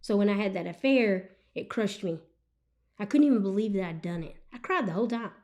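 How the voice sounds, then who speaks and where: A woman, a podcast guest telling an emotional personal testimony in an earnest, animated way. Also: medium pitch, fairly quick. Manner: earnest and animated, with frequent "you know what I'm saying". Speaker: guest sharing her testimony.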